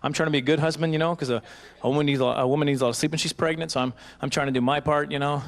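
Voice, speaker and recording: Stand-up in his forties, slightly high voice, rambling self-deprecating delivery. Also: steady tone, very fast. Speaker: stand-up comedian. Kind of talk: stand-up comedy. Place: live banquet stage.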